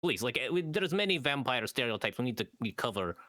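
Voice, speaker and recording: Comedy podcast co-host, male, bright and animated, hammy vampire bit. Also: medium pitch, fast talker, dry recording, clean studio sound. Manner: hammy mock-vampire voice, stammering restarts.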